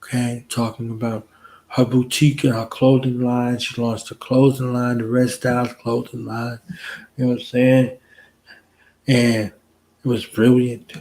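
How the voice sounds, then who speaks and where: A man's voice: mid-range voice, flat delivery, measured pace, darkish tone, low-quality recording. Playful laid-back man hosting a stream. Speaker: host. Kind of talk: casual late-night livestream chat.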